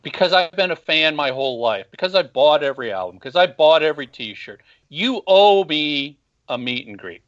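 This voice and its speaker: Man caller, bright and forceful, blunt opinions, muffled phone-in sound. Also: on the high side, sing-song, moderate pace, few pauses. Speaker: podcast host and former band marketer. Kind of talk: casual call-in interview. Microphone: phone call.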